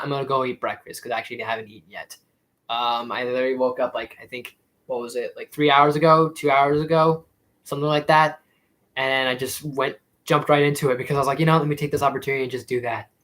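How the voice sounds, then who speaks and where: A man's voice: fairly high pitch, a bit bright, low-quality recording. A young man in casual live-stream chat, rambling with many fillers and restarts as he answers viewers. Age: young adult. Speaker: YouTube streamer.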